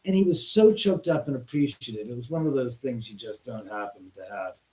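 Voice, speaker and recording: Excitable, rambling male livestream host, mid pitch, in an echoey room. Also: a little fast. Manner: rambling, excitable, many restarts and profanity. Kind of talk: live-stream storytelling. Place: his house.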